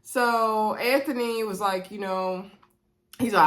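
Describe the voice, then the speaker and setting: A woman casually recapping a reality dating show, chatty and animated, quoting the cast and talking straight to her viewers. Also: on the low side, normal speed. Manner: chatty, animated, retelling scenes with quoted voices; addresses viewers directly. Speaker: reality TV reviewer.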